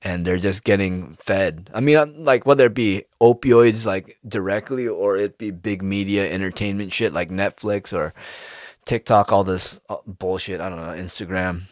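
Speaking at normal speed in a low voice, a man launches into an animated, profane rant full of rhetorical questions. The audio is dry and studio clean.

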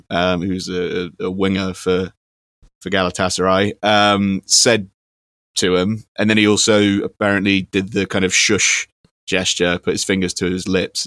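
A man's voice: sits low, fairly bright tone, dry recording, studio quality. A man co-hosting a podcast, chatting casually and hesitantly with many ums. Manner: rambling, hesitant with many ums, reads facts aloud. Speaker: podcast co-host. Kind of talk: casual chat.

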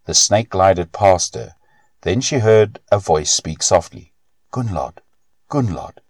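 A man narrating a storybook tale in an expressive, unhurried reading. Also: deep voice, no echo, clean studio sound.

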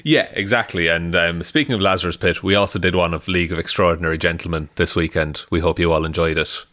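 A man's voice: low voice, fairly even intonation, quick pace, a bit bright. An Irish man co-hosting a casual movie podcast, wry and jokey, breaking into laughter. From Ireland. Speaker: podcast co-host. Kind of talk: casual chat.

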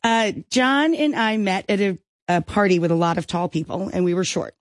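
Lively, self-mocking middle-aged woman storyteller. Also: mid-range voice, normal speed, no echo. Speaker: guest. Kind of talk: animated storytelling in a talk interview.

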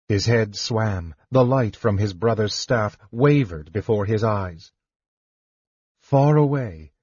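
A man narrating an audiobook in a measured, dramatic reading. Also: on the low side, darkish tone, husky, dry recording. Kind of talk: scripted narration. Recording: dull lo-fi dry recording.

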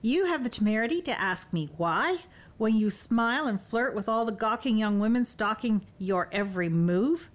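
Here the narrator pitches her voice higher than her own, though it stays close to everyday speech, expressive and moderately paced. She's voicing a determined young warrior woman in an audiobook, bold, playful, teasing and archaic in speech.

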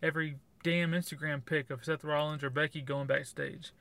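Blunt, bright-voiced male podcast host. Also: fairly high pitch, level tone, normal speed, vocal fry, dry recording. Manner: opinionated, blunt, sarcastic. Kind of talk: casual wrestling review chat.

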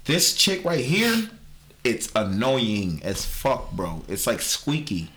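A man's voice: medium pitch, wildly swooping pitch, takes it slowly, fairly bright tone. A man as a podcast guest in casual chat, blunt and profane, telling restless stories.

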